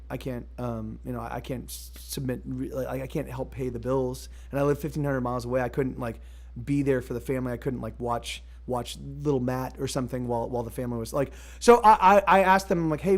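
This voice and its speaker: A musician streaming live, talking casually and hesitantly between songs with many fillers and restarts. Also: male voice, mid-range voice.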